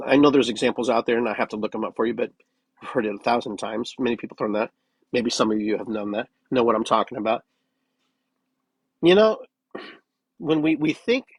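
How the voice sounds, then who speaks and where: On a rough recording with no room sound, a US podcast host with a husky, medium-pitched voice thinks aloud by himself. He's earnest and musing, repeating phrases while changing their inflection.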